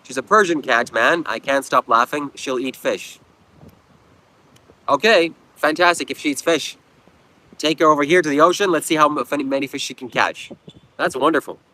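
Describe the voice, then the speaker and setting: Guy doing a livestream, bright voice, preachy and kinda mocking, reads chat out. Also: on the high side, moderate pace, rough recording. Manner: preachy, blunt, mocking viewers. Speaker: livestream host. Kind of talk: live stream chat reading. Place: outdoors at a beach.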